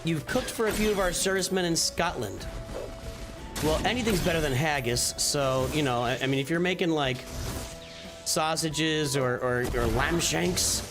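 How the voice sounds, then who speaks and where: Man, live-stream host, slightly high voice, rambling casual chat, music underneath. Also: moderate pace. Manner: rambling, answers viewers' questions, off-hand asides.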